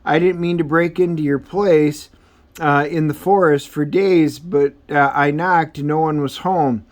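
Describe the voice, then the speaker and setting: A man's voice: fairly high pitch, fairly even intonation, a little slow, lightly acted. A man reading as an earnest young activist. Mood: flustered.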